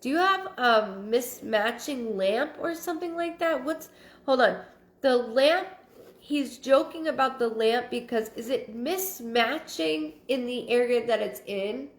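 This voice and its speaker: A woman's voice: on the high side, expressive, measured pace. Woman medium talking in an echoey room. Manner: fragmented, repeats phrases, thinks aloud. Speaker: psychic medium hosting a live stream. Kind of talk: live-stream readings, reading out viewer comments. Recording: roomy echo.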